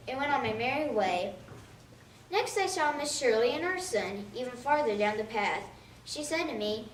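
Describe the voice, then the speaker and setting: A woman giving an expressive, childlike storytelling monologue. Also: high voice, normal speed. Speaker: reader of a monologue. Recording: echoey room from a distance with faint noise.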